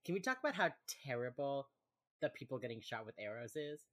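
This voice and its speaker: Recapping a TV episode on a casual podcast, this co-host talks fairly quickly in a rumbling low voice. She's animated, acting out what the characters say.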